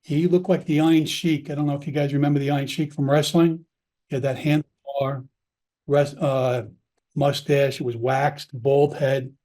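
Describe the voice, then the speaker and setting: A man's voice: on the high side, little pitch movement, normal speed, mellow. Candid New man telling stories. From Long Island, New York. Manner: candid, rambling, with frequent restarts and quoted dialogue. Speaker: podcast guest, former police officer. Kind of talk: casual storytelling.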